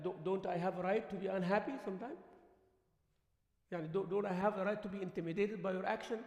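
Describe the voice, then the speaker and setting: Arabic-accented man teaching in an echoey mosque. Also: high-pitched. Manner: mixes English and Arabic, asks the listeners questions often. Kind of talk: religious lesson in a mosque. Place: mosque hall. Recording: echoey hall livestream.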